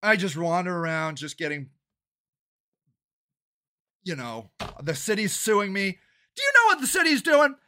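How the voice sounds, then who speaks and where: An older man who is running for city council delivers an angry, profane monologue, often shouting. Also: high-pitched, very animated, measured pace, pauses often, slight background noise. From Ohio, United States. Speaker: city council candidate and activist.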